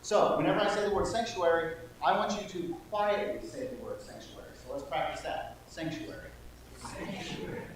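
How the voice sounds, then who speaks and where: Brief: animated male storyteller at a service, playful and coaxing, with a big room echo and a faint hum behind him. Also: high-pitched, a little fast, few pauses. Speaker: lay speaker telling a children's story. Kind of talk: interactive storytelling to a congregation. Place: church sanctuary. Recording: echoey church hall, faint hum.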